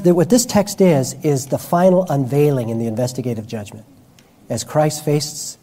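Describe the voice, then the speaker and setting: A male preacher delivers a sermon in a warm, mellow voice. He talks in a storytelling way, often restarting and correcting himself mid-sentence as he goes. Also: mid-range voice, slight background noise.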